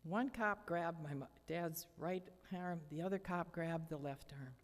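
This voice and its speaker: An older woman reads her own memoir in a church, her low, deep voice measured and dramatic. Each line trails off into the hall's long reverb as she reads from the lectern.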